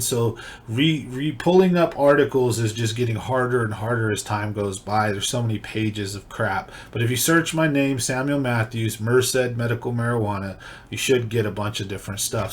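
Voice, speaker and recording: Man excitedly telling his story. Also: medium pitch, slight background noise. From California. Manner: animated, excitable retelling. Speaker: video host. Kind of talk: casual storytelling.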